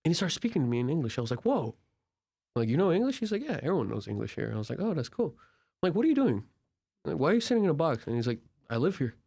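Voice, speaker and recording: This young Turkish podcast guest has a creaky, mid-range voice and races through his words. He casually tells travel stories, acting out the exchanges with animation and lots of filler.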